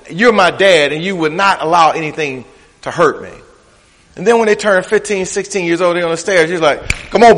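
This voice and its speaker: A middle-aged man preaching a sermon emphatically, his delivery rising and falling, with a Black vernacular flavor. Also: on the high side. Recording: long hall reverb.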